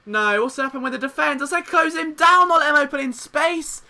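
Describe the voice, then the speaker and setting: A young man giving jokey, excitable let's-play commentary on a football management game, lurching between despair and cheering. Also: very high voice, a little fast. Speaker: gaming commentator.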